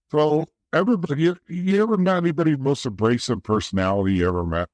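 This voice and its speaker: A man's voice: a little high, fast talker, hardly any pauses, darkish tone, dry recording. A man from the East Coast, a guest in an interview, telling his story candidly in a blunt, profane way that often restarts. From East Coast of the United States.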